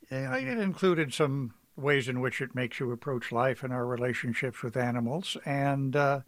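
A man's voice: mid-range voice, a bit bright, no room sound. A man being interviewed on the radio as an author, telling stories in a reflective, anecdotal way. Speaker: author guest.

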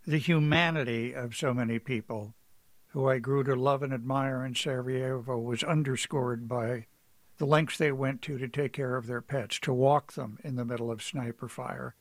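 A man's voice: mid-range voice, normal speed, fairly bright tone, no echo. A man being interviewed on the radio as an author, telling stories in a reflective, anecdotal way. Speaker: author guest.

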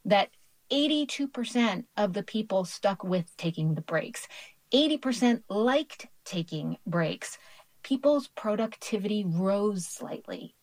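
A woman's voice: medium pitch, darkish tone, no room sound. A woman author answering radio interview questions, explaining research in an upbeat, explanatory way with light laughs. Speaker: author guest.

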